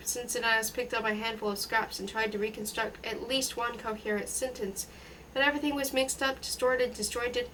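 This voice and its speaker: Female audiobook reader, unhurried with small stumbles, higher voice, slightly distant mic. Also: fairly even intonation, fairly bright tone, slight background noise. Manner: unhurried, with slips and restarts. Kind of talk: reading a novel aloud.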